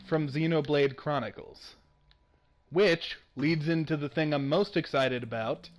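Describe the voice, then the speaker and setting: A young man hosting a casual gaming podcast, excitable, swearing freely and laughing often. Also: fairly high pitch, unhurried. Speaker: podcast host.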